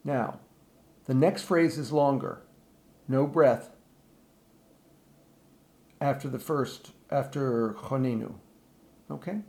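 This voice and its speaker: Slow, gravelly male choir director. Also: mid-range voice, warm tone. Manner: slow, deliberate, breaks off to sing the phrases. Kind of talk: spoken choir rehearsal instructions with sung demonstrations.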